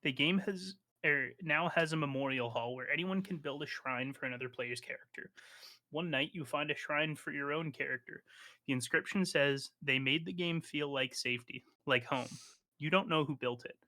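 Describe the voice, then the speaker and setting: A man's voice: on the high side, moderate pace, pushed and bright. Blunt, profane man streamer. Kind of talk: casual live-stream chat.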